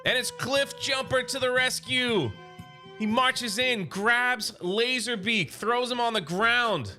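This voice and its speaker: Casual male comics recapper, high and bright voice, excitable and chatty, faint music underneath. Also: takes it slowly. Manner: excited, chatty storyteller paraphrasing characters. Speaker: comic book recap YouTuber.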